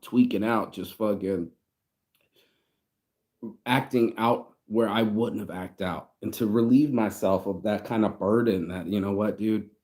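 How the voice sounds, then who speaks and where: A man's voice: lowish voice, darkish tone. A man vlogging in a rambling, profane, heartfelt monologue, close to tears. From United States. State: tearing up. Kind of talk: casual reflective monologue.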